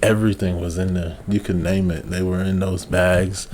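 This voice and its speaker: A man's voice: sits low, flat delivery, normal speed, a little mellow, a little hiss or hum. A young man in casual podcast chat, rambling and loose, who swears easily and also freestyle raps. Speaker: guest rapper.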